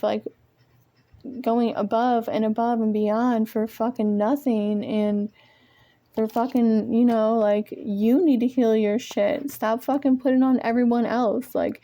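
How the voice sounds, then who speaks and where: A woman's voice: a little high, mellow. A woman venting in a casual monologue to viewers, rambling and swearing often, with self-mocking laughs, recorded on a phone propped up at home among her art supplies. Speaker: vlogger. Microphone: phone propped nearby.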